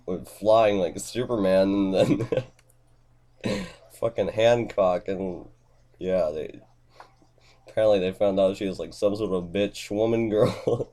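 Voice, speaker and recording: A man's voice: low voice, moderate pace, warm tone. A young man telling a rambling improvised comic story, giggling often, stumbling over words and swearing a lot.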